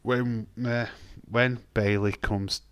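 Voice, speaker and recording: Hosting a casual watch-along live stream and reading viewer comments, this Yorkshire-accented man from Castleford, England, speaks slowly in a lowish, fairly even, fairly bright and smooth voice with no echo. He's blunt, swears freely and often restarts his sentences.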